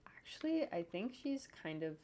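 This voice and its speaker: A woman with a lowish voice narrates her animation work casually as she goes. She thinks aloud, tosses in jokey asides and hums to herself. Faint typing and mouse clicks sit behind her. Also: very animated, moderate pace, dark tone, a little hiss or hum. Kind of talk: casual narration while working on screen. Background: faint computer keyboard typing and clicks.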